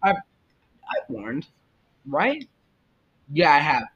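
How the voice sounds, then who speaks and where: A young man hosts a casual solo podcast, talking in a rambling, opinionated way with plenty of fillers and restarts. His voice sits a little high and sounds bright and edgy. The recording is muffled and lo-fi, with a faint rumble underneath. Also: huge pitch swings, drawn-out words, slightly rough. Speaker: podcast host. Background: faint jazz music.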